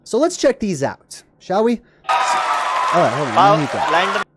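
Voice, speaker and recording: A livestream host giving rambling, digressive reaction commentary, laughing often and jumping suddenly up in pitch. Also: big pitch swings, unhurried, over a noisy crowd, heavy background noise.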